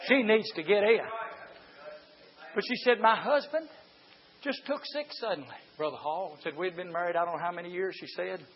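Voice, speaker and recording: A man preaching a fiery sermon, moving from quiet storytelling to high shouted exhortation. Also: moderate pace, a little hiss or hum. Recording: dull lo-fi church recording.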